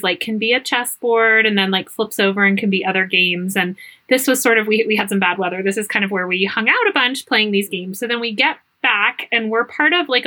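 A woman's voice: fairly high pitch, pushed and bright, low-quality recording. A woman co-hosting a podcast, chatting casually and laughing easily. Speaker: podcast co-host. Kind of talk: casual chat.

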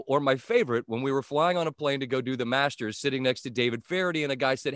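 A man's voice: mid-range voice, quick pace, hardly any pauses, a bit bright, no echo, clean studio sound. A man hosting a casual chat show, talking in a wry, chatty way. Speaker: host. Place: home, in a neighbor's yard.

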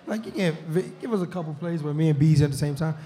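A man's voice: fairly high pitch, fast talker, warm tone. A young man, a football player on a live talk show, chatting casually and laughing often. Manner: laid-back, laughs often, says "you know what I'm saying". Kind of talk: casual chat. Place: bar or restaurant with live show.

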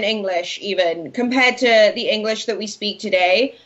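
A woman in her late twenties from Wales, a guest writer chatting casually and brightly in an interview, quick to laugh. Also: medium pitch, lo-fi sound. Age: 20s. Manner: bubbly, chatty, laughs easily. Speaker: news and commentary writer, guest.

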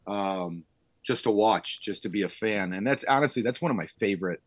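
A high school football coach in his thirties from the Chicago suburbs of Illinois tells stories in a casual podcast chat. He acts out what people said loudly and laughs often, speaking a little fast with no room sound.

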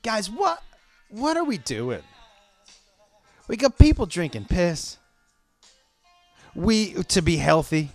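A man's voice: sits high, big pitch swings, slow, long pauses, faint music behind. A man hosting a podcast in a loose, profane, rambling comedic monologue. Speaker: podcast host.

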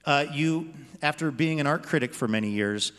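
A man's voice: on the high side, moderate pace, a bit bright, clear, resonant tone. A man hosting a live radio show on stage, asking questions in a casual, joking way. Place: theater stage before live audience. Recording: long hall reverb from stage.

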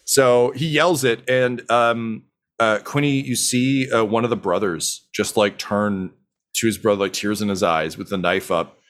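A man with a lowish voice narrates a tabletop role-playing game as game master. He rambles casually, fills pauses with ums and uhs, and chuckles as he goes. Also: slight background noise. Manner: relaxed and rambling, many fillers, laughs easily.

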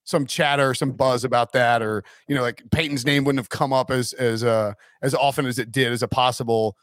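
A man's voice: mid-range voice, fairly even intonation, brisk, no room sound, studio quality. A man hosting a casual sports talk show, rambling with many fillers and restarts. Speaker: podcast host.

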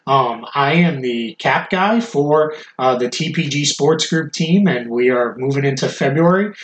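A man hosting a casual podcast chat, eager and quick to plug his work, with frequent restarts and a case of the hiccups. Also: mid-range voice, roomy sound, poor audio. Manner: eager, self-promoting, many restarts. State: has the hiccups. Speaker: podcast host.

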